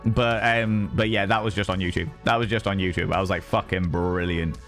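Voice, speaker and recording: Chatty, cussing streamer. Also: male voice, lowish voice, steady tone, fast talker, faint music behind. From Yorkshire, England. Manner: chatty and swearing, greets viewers warmly by name. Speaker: livestream host. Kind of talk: casual live-stream chat.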